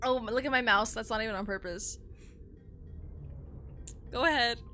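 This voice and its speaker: Young woman streamer, giggly and sweary, bright voice, little game music behind. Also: on the high side, moderate pace. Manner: giggly, swears, laughs hard. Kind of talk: casual chat and reading game text aloud.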